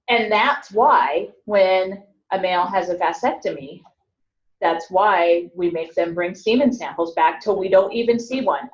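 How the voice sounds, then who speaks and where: A woman teaching a class in an easy, conversational way, trading quips with her students. She sounds distant and roomy. The recording is dull and muffled. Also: medium pitch. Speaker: lecturer. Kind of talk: classroom lecture.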